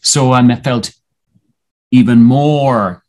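A man's voice: medium pitch, darkish tone. Earnest man telling a personal story. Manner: earnest, halting, with frequent restarts and slowdowns. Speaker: podcast guest.

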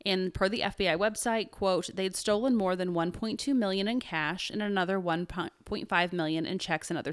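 A woman's voice: fairly low pitch, fairly bright tone. A young woman hosting a podcast, telling a true crime story in casual chat, with many fillers. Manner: chatty, lots of fillers and "like". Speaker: podcast host.

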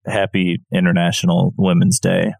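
A man co-hosting a podcast, telling stories in a rambling, halting casual chat. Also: sits low, completely flat delivery, creaky, darkish tone, no room sound, studio quality. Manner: rambling storyteller with halting restarts. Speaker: podcast co-host.

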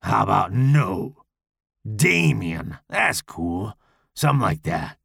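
A man voicing a menacing, deformed hulking male killer with a rough gravelly growl, taunting and foul-mouthed in a slow drawl. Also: fairly low pitch, very animated, a bit bright, dry recording, clean studio sound, voice pushed down, heavily acted.

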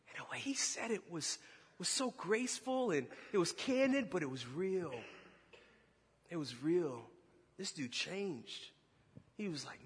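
A middle-aged man preaching a sermon, telling a story with laughter and swinging between loud bursts and hushed moments. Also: sits high, very animated, unhurried, breathy edge, big-room sound. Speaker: pastor.

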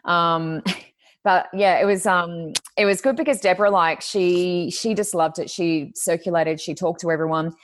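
A woman's voice: lowish voice, steady tone, normal speed, no room sound. A woman, telling stories in a chatty way and acting out what people said, as a guest in casual chat. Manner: chatty storyteller, acts out quotes. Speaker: guest, Reiki healer and reader.

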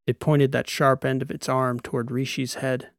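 A man's voice: medium pitch, creaky, no room sound, clean studio sound. Man narrating a sci-fi audiobook. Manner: steady, measured storytelling. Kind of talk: first-person scripted audiobook narration.

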